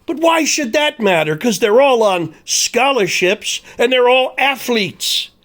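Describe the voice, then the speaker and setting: A man's voice: extremely high pitch, expressive, unhurried, a bit bright. A man delivering an angry, sarcastic, profane sports commentary rant.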